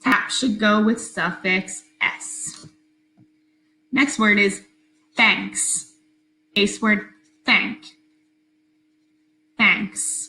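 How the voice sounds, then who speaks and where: Slow, bright-voiced woman teaching phonics. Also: mid-range voice, reverberant, poor audio. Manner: slow, clear, patient classroom instruction. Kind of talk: recorded remote phonics lesson.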